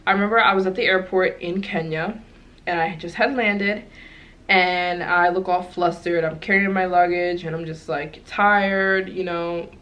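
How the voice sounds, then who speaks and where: A young woman telling a travel story to camera, rambling and animated with many fillers. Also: fairly low pitch, measured pace. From United States. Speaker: travel vlogger.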